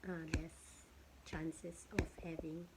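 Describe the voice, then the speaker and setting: Slow-talking woman explaining health. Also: sits low, little pitch movement, very noisy. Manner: switches between English and Tagalog, reading points then explaining loosely. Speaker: health talk host. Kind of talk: informal explainer talk.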